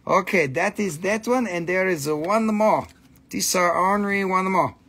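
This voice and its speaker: A man's voice: sits high, a little slow, a bit bright. A man hosting a live sale, joking around, chanting and laughing a lot. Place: indoor shop.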